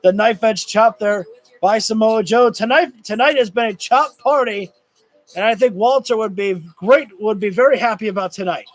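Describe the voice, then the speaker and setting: A man giving excited play-by-play commentary on a wrestling match during his livestream, reacting loudly and swearing at big moments. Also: high voice, moderate pace.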